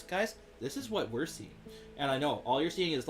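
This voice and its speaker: Playful podcast host over guitar music. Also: male voice, a little high, sing-song, normal speed. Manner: playful, jokey, rambling questions. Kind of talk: casual chat.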